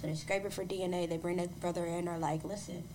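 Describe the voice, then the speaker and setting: A woman with a slightly low voice narrates a true-crime case for a podcast, casual and lively. She keeps the story moving and drops into quick voices for the people involved. A faint hiss of noise sits under her voice. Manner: animated retelling with voiced quotes, brisk. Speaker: podcast co-host.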